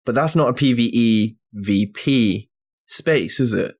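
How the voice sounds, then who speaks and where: A man's voice: mid-range voice, darkish tone. A man co-hosting a casual gaming podcast, jumping in to argue points. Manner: quick to cut in and argue points. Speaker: podcast co-host.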